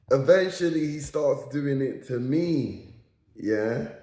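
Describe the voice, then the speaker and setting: Brief: young man; slow, deliberate storytelling with constant "yeah?" check-ins; echoey room. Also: medium pitch, animated, dark tone. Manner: repeats lines for emphasis, tags phrases with "yeah?". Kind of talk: casual storytelling monologue.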